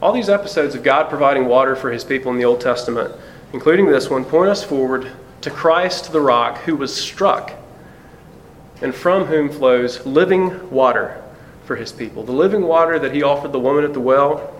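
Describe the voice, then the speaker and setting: A man preaching a sermon in an earnest voice, slowing down and dropping low to stress key words. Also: animated, slight background noise, low-quality recording. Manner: earnest preaching, slows and drops low for emphasis. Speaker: pastor.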